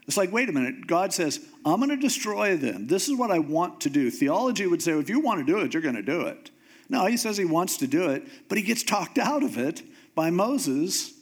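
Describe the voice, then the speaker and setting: A man preaching a sermon in a casual, conversational way, acting out the voices of the people in the story he retells. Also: a little high. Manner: animated storytelling, acting out voices of God and Moses; conversational, informal phrasing. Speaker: pastor.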